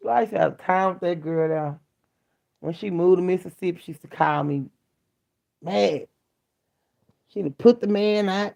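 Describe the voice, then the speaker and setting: Gravelly middle-aged woman, blunt storyteller. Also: fairly low pitch, moderate pace, long pauses, warm tone. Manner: candid, blunt storytelling in colloquial speech. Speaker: vlogger. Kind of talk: casual chat. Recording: dull lo-fi sound.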